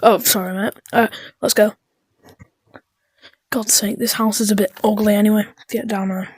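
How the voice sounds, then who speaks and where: A woman giving chaotic, dark-humored let's-play commentary, muttering and often dropping into whispers. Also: mid-range voice, flat delivery, moderate pace, husky, no room sound, studio quality. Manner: drops into whispers. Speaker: gaming YouTuber.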